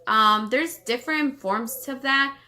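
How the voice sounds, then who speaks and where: A woman from Los Angeles telling a personal story on her vlog, rambling fast with many fillers and restarts while holding back tears. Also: sits high, pushed and bright. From Los Angeles, United States. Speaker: vlogger.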